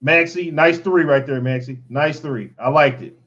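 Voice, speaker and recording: A man hosting a casual fan show, commenting on game highlights in an animated, exasperated, joking way. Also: normal speed, dull audio.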